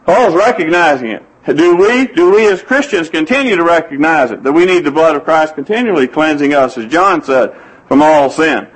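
A man's voice: on the high side, expressive, normal speed, breathy edge, low-quality recording. A man preaching a sermon, telling folksy stories and quoting scripture. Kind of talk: sermon with anecdotes.

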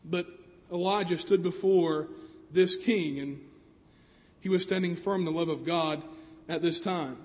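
A man's voice: a little high, unhurried, long pauses, a little mellow. A man preaching a sermon in an earnest way, asking rhetorical questions. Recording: long reverb of a large hall.

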